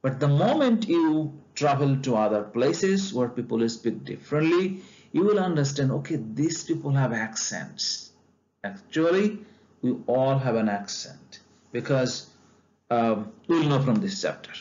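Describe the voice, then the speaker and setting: A man explaining a textbook chapter like a lecture, speaking deliberately with frequent pauses, fillers and restarts. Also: medium pitch, expressive, darkish tone, highs cut off.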